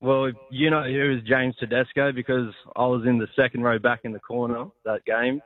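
A man's voice: medium pitch, little pitch movement, moderate pace. A man with an Australian accent calling into a radio show, laid-back and friendly. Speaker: caller. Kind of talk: casual chat on a phone-in. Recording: tinny phone line.

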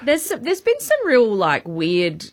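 A woman's voice: a little high, wildly swooping pitch, unhurried. A woman co-hosting a radio show, bantering in casual chat. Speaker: radio co-host. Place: radio studio.

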